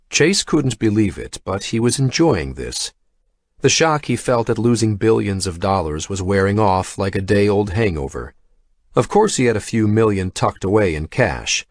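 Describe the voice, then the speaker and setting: A male audiobook narrator with a low voice and lively pitch, telling a thriller in a measured, scripted way. The sound is close and dry, with no room around it. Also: no echo.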